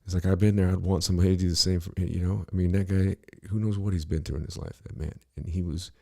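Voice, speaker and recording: A low, gravelly middle-aged man talks loosely on a podcast. His voice is dark and a little husky, and he swears freely while circling around his point with constant "you know"s. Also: fairly even intonation, fast. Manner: rambling, blunt and profane, full of "you know". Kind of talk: casual podcast conversation.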